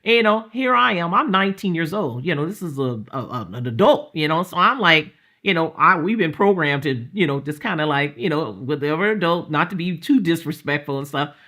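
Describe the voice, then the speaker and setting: Middle-aged woman, testimony guest, bright voice, chatty and fervent storytelling. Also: low-pitched, lively intonation, fairly quick. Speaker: guest sharing her faith testimony. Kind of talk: emotional personal testimony.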